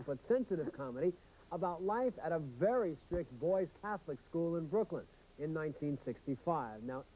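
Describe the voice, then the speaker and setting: A man's voice: fairly high pitch, dark tone, slight background noise, poor audio. A man co-hosting a TV film review show, enthusiastic and chatty. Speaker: film critic, co-host. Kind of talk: scripted TV review.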